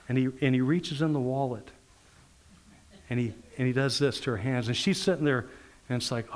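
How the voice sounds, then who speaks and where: A man's voice: medium pitch, fairly quick. A man preaching a sermon, telling stories and acting out the people in them, often laughing as he talks. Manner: animated, acts out quoted people, laughs while preaching. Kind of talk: sermon storytelling.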